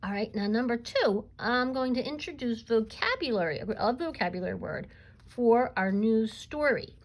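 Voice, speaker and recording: A woman teacher giving a recorded reading lesson to young children, encouraging them to answer aloud and pausing on "um" fillers. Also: fairly high pitch, big pitch swings, low-quality recording. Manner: coaxing and encouraging, asks pupils to answer aloud; frequent um fillers while explaining.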